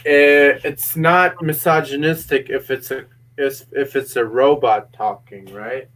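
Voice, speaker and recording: A man's voice: medium pitch, fairly even intonation, a little slow, fairly bright tone, recorded from a distance. A man hosting a podcast, joking around in slangy casual banter. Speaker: podcast host. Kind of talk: casual chat.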